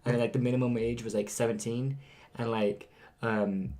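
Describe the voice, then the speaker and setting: A teenage boy chatting on a podcast, with a middle-pitched voice. He wanders through his stories, full of "like" and restarts. He sounds relaxed and unscripted. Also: moderate pace. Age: teens. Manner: rambling, filler-heavy storytelling. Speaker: podcast co-host. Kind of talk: casual chat.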